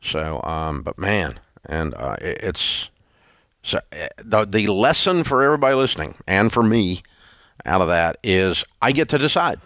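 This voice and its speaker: A man's voice: deep voice, big pitch swings, moderate pace, fairly bright tone, no echo, clean studio sound. A man hosting a radio talk show, chatting in a folksy, rambling way with lots of restarts. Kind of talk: casual on-air talk.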